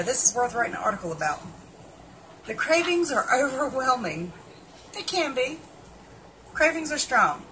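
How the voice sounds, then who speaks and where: A fairly high-voiced woman talks straight at the camera, blunt and sarcastic, tossing in swear words. The recording carries a clear layer of background noise. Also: sharp tone, low-quality recording. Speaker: keto vlogger. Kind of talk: casual commentary reacting to an article.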